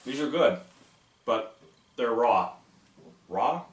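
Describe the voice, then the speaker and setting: A man's voice: mid-range voice, expressive, slow. A man hosting a casual food-tasting vlog, goofy and self-mocking as he jokes about snacks. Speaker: vlog host. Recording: echoey room from far off.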